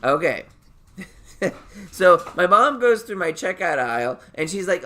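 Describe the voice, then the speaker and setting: A man's voice: on the high side, animated, moderate pace, bright, forceful tone. A man from Nebraska hosting a casual podcast chat, rambling with lots of fillers, swearing and laughing often. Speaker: podcast host.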